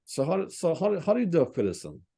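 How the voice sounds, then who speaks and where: A man's voice: fairly high pitch, huge pitch swings, very fast, vocal fry, warm tone, breathy edge. A male podcast host who stammers and repeats words as he asks questions. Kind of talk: casual interview.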